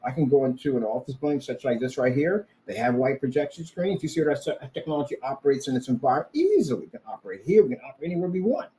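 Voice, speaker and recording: A man's voice: medium pitch, racing, few pauses, poor audio. A man giving a rambling, boastful vlog monologue, repeating himself as he talks. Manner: animated, boastful, repetitive. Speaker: vlogger.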